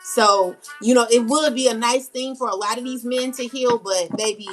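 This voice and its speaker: A woman with a high, bright voice gives a blunt spiritual rant to camera. Her speech is slangy and full of fillers, and she repeats herself to drive each point home. Faint music plays under her voice. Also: steady tone, normal speed. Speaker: tarot reader.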